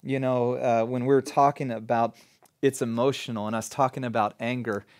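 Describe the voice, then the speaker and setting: Middle-aged guy preaching, chatty and earnest, gets animated with everyday examples. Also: medium pitch, brisk. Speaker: pastor. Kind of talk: conversational sermon.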